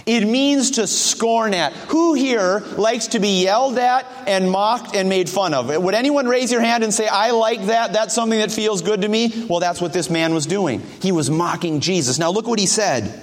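A male pastor preaches a sermon and keeps asking his congregation direct questions. His voice is notably high for a man. A long reverb rings after his phrases, as in a large church sanctuary. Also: normal speed, few pauses.

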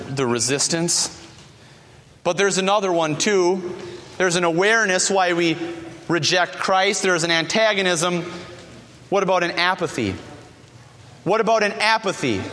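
A man's voice: sits high, a bit bright, in a large hall. A man preaching an earnest sermon as pastor, acting out the voices of the people he quotes.

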